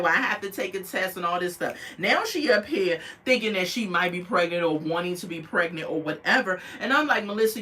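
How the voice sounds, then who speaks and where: A woman's voice: fairly low pitch, bright, forceful tone. A woman casually recapping a reality show, telling the story with sass and slipping into mocking voices for the people she quotes.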